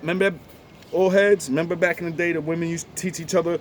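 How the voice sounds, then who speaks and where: A man's voice: fairly high pitch, fast talker, slight background noise. A man ranting casually to the camera outdoors, rambling, profane and confrontational.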